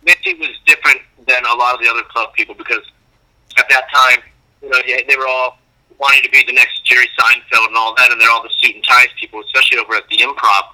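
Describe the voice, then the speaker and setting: A man's voice: medium pitch, fast talker, poor audio. A man, a comedian guest, telling stories casually and acting out old exchanges in a raised voice. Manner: animated, acts out dialogue in a raised voice. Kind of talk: casual interview storytelling.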